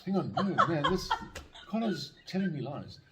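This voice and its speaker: A man's voice: a little high, very animated, normal speed, heavy background noise. An older man telling a casual, rambling anecdote, full of fillers, restarts and chuckles. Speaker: storyteller.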